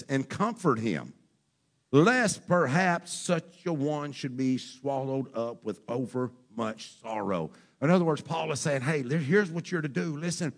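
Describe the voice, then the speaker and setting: Male pastor, fervent sermon delivery, voice sits a bit high, talks straight to the congregation. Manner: fervent preaching, moving between quiet talk and shouting; addresses the congregation directly, folksy phrasing.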